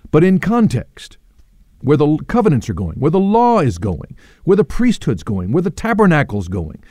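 A man gives a radio Bible talk in a mellow, warm voice that rises and falls with feeling. The sound is dry and close, and he speaks earnestly, stressing the words he wants to land. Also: high-pitched, no room sound. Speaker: radio Bible teacher and host.

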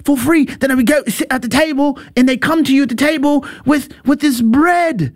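A man's voice: very high voice, moderate pace. A middle-aged man hosting an opinionated commentary show, talking emphatically and jokingly, repeating words for stress. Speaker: show host.

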